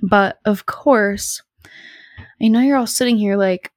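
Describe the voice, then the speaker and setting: Young woman, podcast host, casual rambling chat, unhurried pace, dry close sound. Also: mid-range voice, no echo. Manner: rambling, bubbly, self-deprecating. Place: home.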